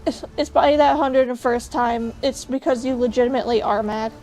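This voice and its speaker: A woman's voice: fairly high pitch, steady tone, normal speed, darkish tone, soft background music. A young woman streaming, chatting casually and ranting bluntly with jokes to her chat. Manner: blunt, joking rants to chat.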